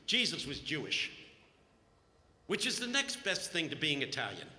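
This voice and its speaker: Bright-voiced joking preacher in an echoing hall. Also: male voice, fairly high pitch, brisk. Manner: joking, animated storytelling. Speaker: conference speaker, preacher. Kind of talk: humorous sermon. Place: conference hall. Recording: echoey hall, long reverb.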